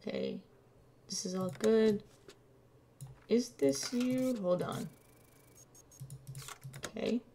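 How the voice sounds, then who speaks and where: A woman streaming a game, talking half to herself in a slow, unhurried way as she checks things over. Her voice has a gravelly, fry-edged texture, and keyboard typing clicks sit faintly behind her. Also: medium pitch, warm tone, slight background noise. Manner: muttering to herself while checking documents, playful. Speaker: gameplay streamer. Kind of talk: casual let's-play commentary.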